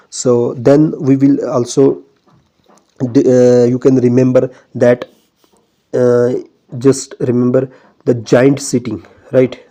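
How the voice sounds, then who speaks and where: A man with an Indian English accent teaching an exam-prep lesson, pausing often and checking in with "right?". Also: medium pitch, warm tone. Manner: hesitant, many fillers and restarts, repeats "right?".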